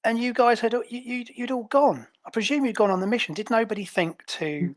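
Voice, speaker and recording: A man voicing a flustered female superhero agent, talking fast and indignant in a raised voice. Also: extremely high pitch, pitched above the performer's own voice. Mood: indignant exasperated.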